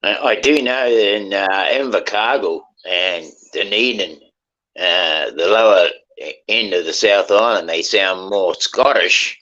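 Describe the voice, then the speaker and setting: A man thinks out loud in a fairly low voice, circling back and restarting his sentences. The stream audio is dull and lo-fi, with the top end muffled. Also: a little slow. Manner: rambling, restarts often, reflective. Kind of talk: casual chat.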